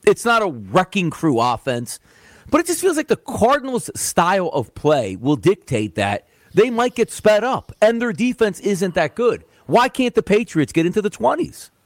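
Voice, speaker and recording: A man's voice: high-pitched, sing-song, normal speed, no echo, clean studio sound. A man co-hosting a sports betting radio show, talking in a rambling, casual way full of "like" and restarts. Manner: rambling, filler-heavy, lots of "like".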